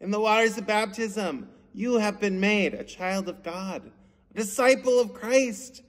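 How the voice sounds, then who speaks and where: A man as pastor giving a lively children's sermon, telling the story with animated shouted quotes. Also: sits high, unhurried. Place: church sanctuary. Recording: long church reverb.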